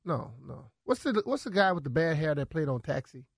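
A man co-hosting a radio show, teasing and rambling with halting restarts. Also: a little high, very animated, gravelly, no echo, studio quality. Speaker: radio co-host. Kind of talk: casual studio banter. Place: radio studio.

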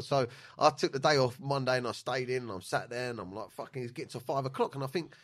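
A man's voice: medium pitch, quick pace, hardly any pauses. A man, hosting a podcast and telling stories in casual chat. He swears constantly and acts out what other people said. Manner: swears a lot, acts out quotes in funny voices. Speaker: podcast host.

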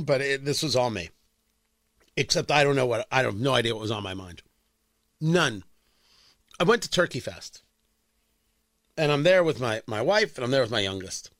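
A middle-aged man from the New York and New Jersey area, a radio host telling a self-mocking story in an animated way. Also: on the high side, dry recording, clean studio sound. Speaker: radio talk show host. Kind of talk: radio monologue.

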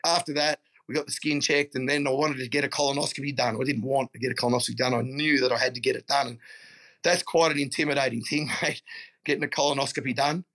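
A man's voice: mid-range voice, fairly even intonation, quick pace, a bit bright. A middle-aged Australian man chatting casually as a guest, telling blokey stories and calling people mate. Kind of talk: casual chat.

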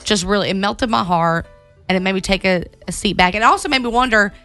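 A woman's voice: medium pitch, quick pace, bright, forceful tone, soft background music. A young woman co-hosting a casual morning radio show, telling a family story in a chatty, emotional way.

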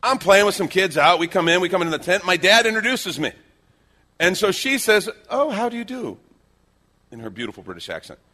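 A middle-aged male pastor preaching a sermon, telling stories with lively changes between loud acted-out lines and hushed quiet moments. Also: high-pitched, fairly quick. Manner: animated storytelling, acting out quoted lines, dropping to hushed tones.

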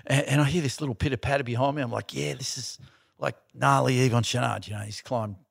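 A man's voice: medium pitch, fairly even intonation, fast talker, gravelly, no echo, studio quality. A middle-aged Australian man, a podcast guest, telling stories in casual chat, laughing often and swearing easily. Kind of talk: casual storytelling.

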